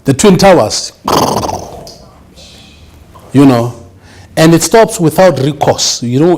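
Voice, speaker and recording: A man's voice: medium pitch, a little mellow. A man giving an emphatic business seminar lecture, often checking that the audience understands. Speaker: business speaker.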